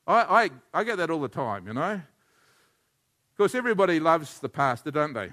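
Male pastor, high bright voice, lively sermon delivery that gets the congregation repeating lines after him. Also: a little fast. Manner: animated, leads the congregation in call-and-response.

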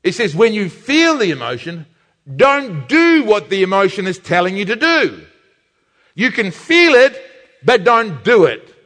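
A high-voiced man preaching with a bright, sharp edge and a lively, swooping delivery. He hammers home points with emphatic, slowed phrases. His voice carries a long reverb, as if from a large hall. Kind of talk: sermon.

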